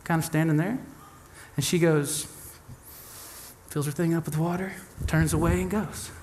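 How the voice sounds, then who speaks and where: A young adult man preaching a sermon in an animated, humorous way, acting out the voices of the people he quotes. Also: on the high side, normal speed, slight background noise. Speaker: pastor.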